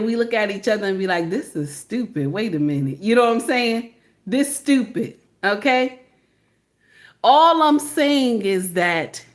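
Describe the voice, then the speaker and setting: A woman hosts a reaction video in a high, bright register. She talks loudly and theatrically, cursing freely and laughing at her own stories. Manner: loud, theatrical, swears and laughs often. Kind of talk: animated reaction commentary.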